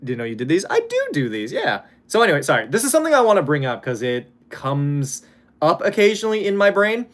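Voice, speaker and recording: This is a young man on a livestream, answering chat messages off the cuff. His pitch swings up and down a lot as he talks. He rambles, stops himself mid-phrase and curses easily. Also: huge pitch swings, fairly quick, fairly bright tone. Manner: rambling, self-interrupting, swears freely, laughs often. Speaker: streamer reading chat.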